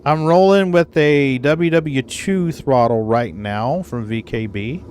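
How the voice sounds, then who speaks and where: During a casual live game stream, a man chats with viewers, swearing freely and laughing, though he's still recovering from the flu and coughs when he laughs. His voice is mid-range, slow and darkish, with slight background noise.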